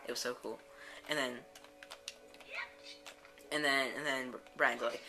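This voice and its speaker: A woman's voice: rumbling low, fairly even intonation, measured pace. A woman hosting a let's play, telling a rambling story packed with "and then, like.". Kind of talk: rambling storytelling over gameplay. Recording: loud game music behind.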